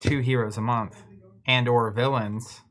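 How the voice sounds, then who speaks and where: A man co-hosting a relaxed tabletop card game stream, thinking out loud with easy enthusiasm. His voice has a bright, forward tone. He keeps the chat loose and conversational. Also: medium pitch, unhurried. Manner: chatty, animated speculation. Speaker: co-host. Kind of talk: casual chat.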